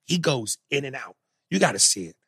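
A man hosting a casual chat, talking in an animated, emphatic and profane way. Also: mid-range voice, brisk, vocal fry, slightly rough, no echo, clean studio sound.

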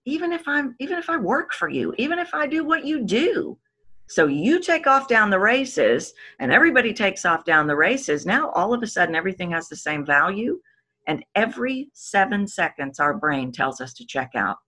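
Bright animated woman voice coach. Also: normal speed. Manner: expressive, swoops pitch to demonstrate points. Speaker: voice coach guest. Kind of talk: animated interview talk.

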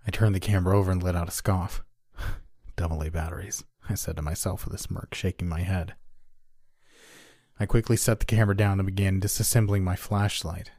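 Low-voiced man narrating a horror story. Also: mellow, no room sound, studio quality. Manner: measured, deliberate storytelling.

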